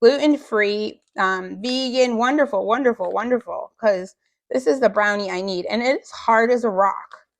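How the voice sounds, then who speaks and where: A middle-aged woman with a rough, gravelly voice chatting casually to viewers as she unpacks a food bank haul, joking in small asides. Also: medium pitch, normal speed.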